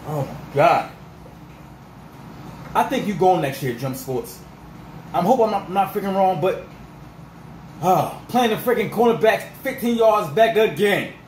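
A man ranting as a sports fan vlogger, fired up and repetitive, his voice going rough. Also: high voice, roomy sound, a little hiss or hum, poor audio. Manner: fired-up, repetitive, peppered with 'freaking' and 'dog'.

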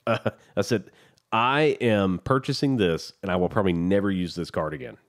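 A man co-hosting a podcast, telling a story in a casual, profane, animated way. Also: low-pitched, normal speed. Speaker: podcast co-host. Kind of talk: casual chat.

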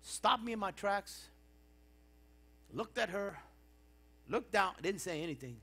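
A middle-aged man preaches a sermon in a church, his voice sitting very high and ringing with a bright, sharp edge. He swings between quiet, reflective stretches and loud, impassioned bursts. A low mains hum runs under the recording. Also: animated, slow, vocal fry. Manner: impassioned preaching with rising and falling intensity. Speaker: pastor.

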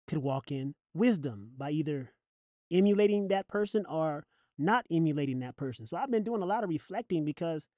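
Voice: mid-range voice, animated, mellow, no room sound, studio quality. Dramatic sing-song preacher. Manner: dramatic, sing-song, drawn-out mocking phrases and chuckles. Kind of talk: sermon.

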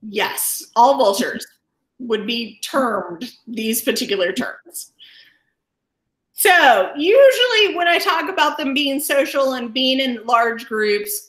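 A woman's voice: fairly high pitch, a bit bright, roomy sound. A woman wildlife educator giving an enthusiastic online presentation over a video call, often laughing as she explains.

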